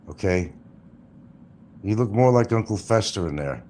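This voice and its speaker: A man's voice: lowish voice, sing-song, moderate pace, pauses often, darkish tone, a little hiss or hum. An older man hosting a livestream, rambling and mocking with crude, casual talk. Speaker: livestream host.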